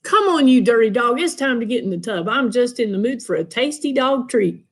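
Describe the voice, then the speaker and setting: A woman's voice: on the high side, expressive, brisk. A woman voicing a sly, hungry male wolf who sweet-talks with an oily, menacing manner in a storybook reading. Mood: scheming.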